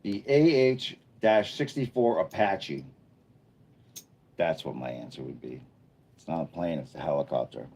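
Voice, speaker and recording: Low, mellow-voiced man chatting on a live stream. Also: a little slow, pauses often, breathy edge. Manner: chatty, thinking aloud while reading viewer chat. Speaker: livestreamer. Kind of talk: casual live-stream chat. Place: indoor room under a bright studio light.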